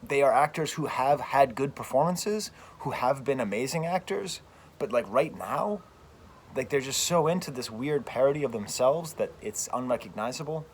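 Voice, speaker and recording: American man, French professor, casual rant, animated and emphatic, repeats himself, middle pitch, recorded outdoors, faint background noise. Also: moderate pace. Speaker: French professor, channel host.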